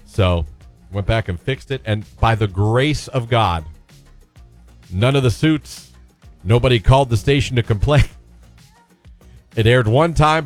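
A man with a medium-pitched voice hosts a casual radio talk show, telling a self-deprecating story and inviting listeners to call in.

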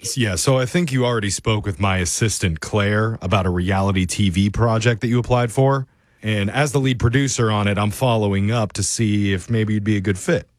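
A man hosting a morning radio show, making a prank call as a deadpan fake producer. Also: lowish voice, a little fast, no room sound, studio quality.

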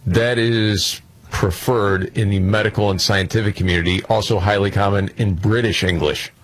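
A man co-hosting a talk radio show, joking around and firing off quick questions. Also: lowish voice, steady tone. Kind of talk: casual talk radio banter.

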